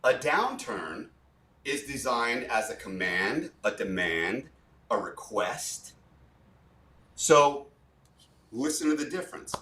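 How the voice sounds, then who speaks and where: Animated man coaching from afar. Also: mid-range voice, slow, pauses often. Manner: emphatic, demonstrative, repeats for effect. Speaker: guest communication coach. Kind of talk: animated explanation with spoken demos. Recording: roomy sound, far from mic.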